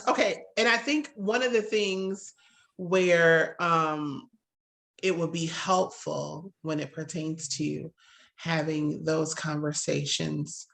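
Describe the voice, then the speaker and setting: A woman hosting a podcast interview, chatting casually and laughing often with lively exclamations. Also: deep voice, takes it slowly, gravelly. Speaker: podcast host.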